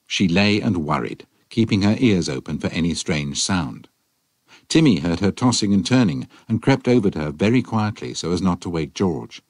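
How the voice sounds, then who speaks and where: A man reads a children's adventure as the narrator, with an expressive, storytelling delivery. His voice is very deep with a husky edge, and it rises and falls a lot. Faint music plays beneath. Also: normal speed, dry recording.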